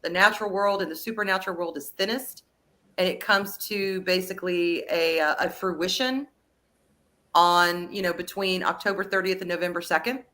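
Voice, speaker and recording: A woman co-hosting a casual chat, lively and laughing often, her voice jumping up high when she gets excited. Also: normal speed.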